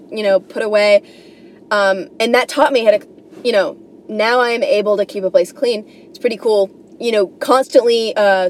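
A woman's voice: mid-range voice, a little mellow. A young woman from New York hosting a comedy podcast, rambling and swearing, with lots of "like" and "you know". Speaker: podcast host. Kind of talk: casual comedic monologue.

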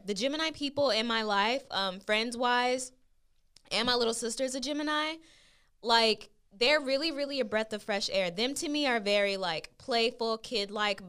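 A woman co-hosting a podcast in casual chat, blunt and profane, telling stories with animated asides. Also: mid-range voice, smooth. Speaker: podcast co-host.

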